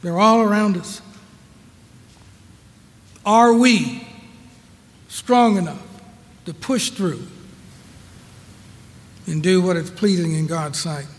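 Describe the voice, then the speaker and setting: Slow high-voiced man preaching. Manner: slow, emphatic preaching with repeated rhetorical questions. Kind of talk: sermon. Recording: long reverberant hall.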